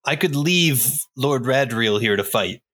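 A man's voice: mid-range voice, animated, unhurried, bright, forceful tone. A man playing a tabletop game, thinking aloud in casual chat. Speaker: player.

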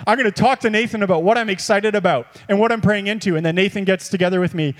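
A man preaching a sermon as a pastor, animated and repetitive, moving between quiet reflection and bursts of excitement. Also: sits high, fast talker, hardly any pauses. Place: church hall. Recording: long reverb of a church hall.

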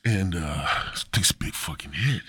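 A low, husky man rambles through a crude comic story with lively swings in pitch. He is recorded close and dry, with no room sound. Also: unhurried, dry recording. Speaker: podcast host.

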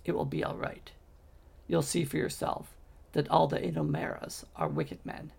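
A man's voice: fairly high pitch, level tone, moderate pace, gravelly, a little mellow, breathy edge, heavily acted. A man voicing a scheming male magician who speaks in a clipped, cold, commanding way.

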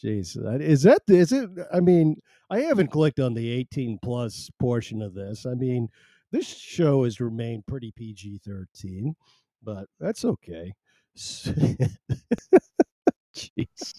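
Slow, mellow-voiced man hosting a show. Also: medium pitch, lively intonation, no room sound, clean studio sound. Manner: rambling, jokey, self-mocking. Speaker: host. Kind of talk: casual live talk show chat.

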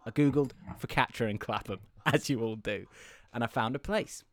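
A man's voice: mid-range voice, normal speed. A young man hosting a podcast, telling long rambling stories, stumbling over words and laughing often. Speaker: podcast host. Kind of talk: casual podcast chat.

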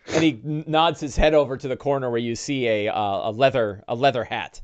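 A man's voice: mid-range voice, brisk, clean tone. A man narrating as game master of a tabletop game, talking casually with many filler sounds. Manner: lively, casual, frequent uh fillers.

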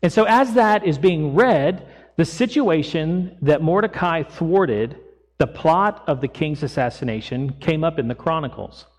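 Guy pastor preaching, kinda high voice, big church echo, tells the story like he's chatting. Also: expressive, unhurried. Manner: storytelling sermon, acting out quotes casually. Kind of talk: sermon. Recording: long echo of a church hall.

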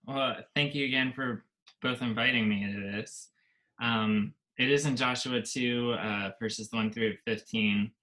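A man who is a pastor, a guest on a podcast, summarizing a Bible story in a measured way with some hesitation. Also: lowish voice, sharp tone, low-quality recording. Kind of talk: casual podcast chat, summarizing scripture.

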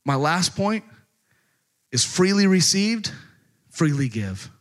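A man's voice: high voice, sing-song, slow. A man from Texas, preaching a sermon in a joking, conversational way full of rhetorical questions. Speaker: pastor.

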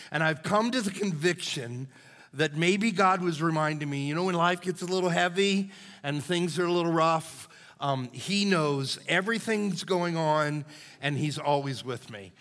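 A man's voice: fairly high pitch, fairly bright tone. A middle-aged man, a lead pastor, telling personal stories in a folksy, conversational sermon, often tossing in "man.". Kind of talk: storytelling sermon. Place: church sanctuary. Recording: church hall with long reverb.

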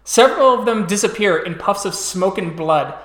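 A man narrating a tabletop game as storyteller, describing scenes slowly and restarting phrases as he goes. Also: sits high, expressive, fairly bright tone, echoey room.

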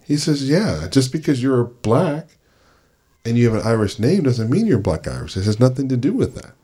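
A man's voice: medium pitch, big pitch swings, quick pace, dark tone, slightly rough. A man hosting a family conversation, telling a story and acting out the voices of the people he quotes. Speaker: host.

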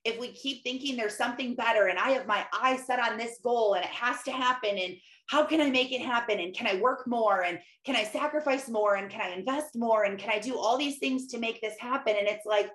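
A woman's voice: on the high side, brisk, a bit bright, echoey room, low-quality recording. A young woman talking casually about her faith, chatty, with many "like"s. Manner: chatty, lots of "like", laughs often. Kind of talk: casual faith vlog monologue.

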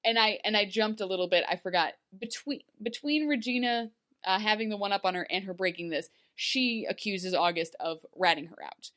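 A chatty woman co-hosting a casual podcast, her voice sitting at an everyday middle pitch. She talks loosely and animatedly, full of fillers and little laughs as she recaps. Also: fairly quick, a bit bright. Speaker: podcast co-host.

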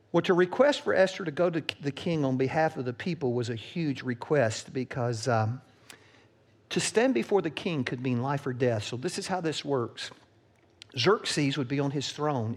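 Husky, animated male preacher. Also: a little high. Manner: animated, acts out the characters' lines. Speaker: pastor. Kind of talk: sermon storytelling.

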